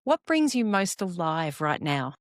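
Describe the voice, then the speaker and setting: Soft-spoken lower-voiced woman podcast host. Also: big pitch swings, measured pace, no room sound, clean studio sound. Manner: warm, effusive, frequent restarts. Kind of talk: casual interview chat.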